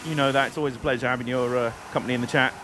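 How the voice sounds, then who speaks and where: A man's voice: mid-range voice, steady tone, racing, background noise. A man casually commentating a racing game on a live stream, joking and rambling as he plays. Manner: jokey, rambling, slips into silly put-on voices. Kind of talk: let's-play commentary.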